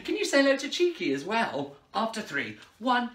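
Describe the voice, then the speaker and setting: A woman's voice: a little high, wildly swooping pitch, normal speed. A young adult woman hosting a children's party show, playful and giggly, calling out prompts for the kids to answer. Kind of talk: energetic kids' show hosting. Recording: echoey room with loud music.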